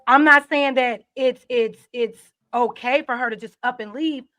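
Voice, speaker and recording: Female panelist, fairly high voice, dry close sound, calm and methodical under pushback. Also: no echo. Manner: measured, builds her point step by step. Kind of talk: heated panel debate.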